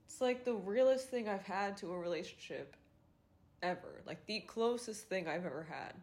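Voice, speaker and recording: A woman's voice: mid-range voice, moderate pace, a little mellow. Emotional young woman holding back tears. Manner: emotional, fighting back tears, swears casually. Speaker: podcast host. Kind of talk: confessional casual chat.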